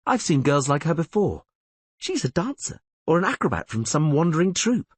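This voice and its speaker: A man voicing a sharp-tongued, protective young outlaw with a scornful, heated way of talking. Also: on the high side, very animated, normal speed, slightly rough, dry recording, pitched above the performer's own voice.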